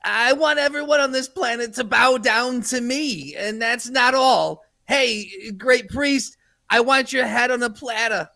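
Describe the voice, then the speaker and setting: A man voicing an arrogant, vengeful male dark sorcerer in a comedic anime dub parody, with boastful taunts and drawn-out shouted spell names. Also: very high voice, gravelly, exaggerated voice.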